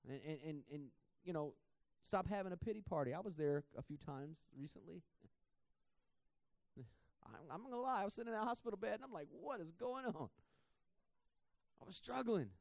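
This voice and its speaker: High-voiced preacher, chatty and dry. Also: male voice, expressive, brisk, gravelly, no room sound. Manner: conversational, repeats words, laughs at himself. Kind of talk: sermon.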